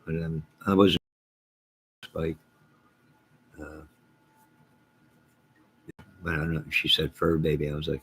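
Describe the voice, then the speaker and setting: A middle-aged man hosting a casual livestream, reading viewer comments aloud, rambling and joking deadpan with sudden loud outbursts. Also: slow pace, pauses often, slight background noise. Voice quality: gravelly, husky low voice.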